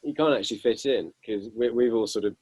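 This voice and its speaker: A young man with a husky voice, telling self-deprecating band stories with lots of fillers in a casual interview. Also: fairly low pitch, fast, a little mellow, no room sound, low-quality recording. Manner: self-deprecating, amused, rambling with many fillers. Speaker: guitarist guest.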